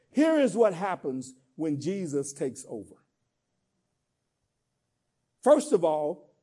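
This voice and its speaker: A man's voice: extremely high pitch, warm tone. A man preaching a sermon, with call-and-response cadence and casual vernacular asides, building to emphatic peaks. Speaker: pastor.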